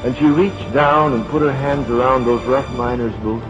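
A man preaching a sermon, telling a story dramatically and dropping to a hush at key moments. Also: mid-range voice. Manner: dramatic, slows and drops to a hush. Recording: dull lo-fi recording with music.

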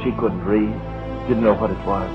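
A man preaching a sermon, telling a story dramatically and dropping to a hush at key moments. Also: on the low side, steady tone. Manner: dramatic, slows and drops to a hush. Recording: dull lo-fi recording with music.

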